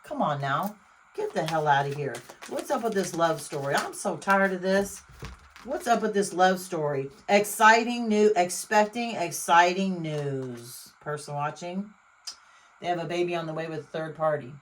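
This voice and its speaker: A woman's voice: fairly low pitch, lively intonation, slight background noise, low-quality recording. Blunt, swearing woman reading tarot. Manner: blunt, emphatic, profane, talks straight to the viewer; exclamatory, quick swings in loudness. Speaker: tarot reader. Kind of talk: casual tarot reading monologue.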